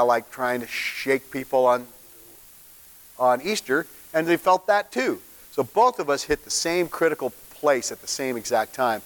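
Animated man preaching in a reverberant hall. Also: mid-range voice. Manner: informal, animated, asks the room questions. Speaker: pastor. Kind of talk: conversational sermon.

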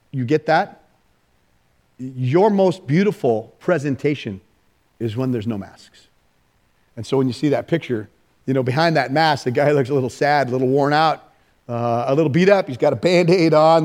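A man preaching an informal church teaching, animated and conversational, with frequent restarts. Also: a little high. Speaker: pastor.

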